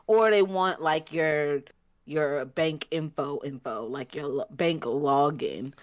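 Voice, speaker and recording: Lady on a podcast, kinda low voice, rambling and joking around. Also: measured pace. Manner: chatty and joking, trailing filler-heavy explanations. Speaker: podcast co-host. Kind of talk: casual chat.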